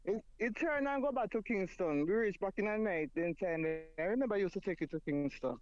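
A caller with a Jamaican accent phoning a radio show, recalling details in a steady, lively way. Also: medium pitch, fairly quick, dry recording, faint music behind. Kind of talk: casual phone-in chat. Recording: dull phone line.

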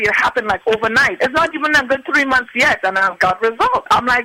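A woman calling in to give a phone testimonial as a satisfied client, talking excitedly and repeating herself. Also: on the high side, brisk, hardly any pauses, slight background noise, rough recording.

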